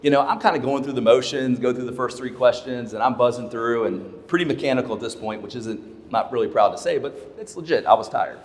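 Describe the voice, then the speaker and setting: A man's voice: medium pitch, a little fast, hardly any pauses. Emphatic male keynote speaker in a hall. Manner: emphatic storyteller who repeats key points. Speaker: leadership speaker. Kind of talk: keynote talk to a live audience. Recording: long hall reverb.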